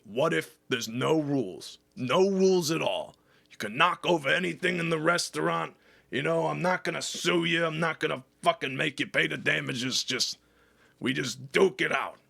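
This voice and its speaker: A man's voice: on the high side, moderate pace, vocal fry, pushed and bright, exaggerated voice. A man doing a brash, goading restaurant boss. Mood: coaxing. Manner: taunting, swearing, pushy.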